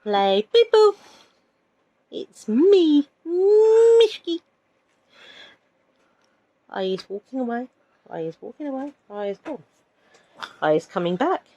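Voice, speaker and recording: A woman's voice: sits high, sing-song, takes it slowly, pauses often, warm tone, highs cut off, pitched above the performer's own voice, full character voice. A woman voicing a cheeky little pet hamster who talks in babyish broken grammar. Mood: playful. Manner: baby talk with broken grammar.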